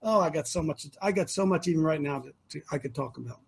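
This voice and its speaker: An older male host with a high, husky voice rails at his audience. He talks emphatically and keeps hammering rhetorical questions. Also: fast. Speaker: talk show host. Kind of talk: opinionated radio talk.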